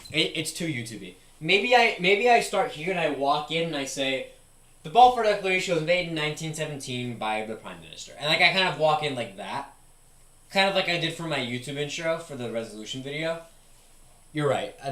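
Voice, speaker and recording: A man's voice: a little high, expressive, brisk, bright, forceful tone. Rambling young male streamer. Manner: rambling, thinking aloud with many "like" fillers. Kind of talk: casual live-stream chat.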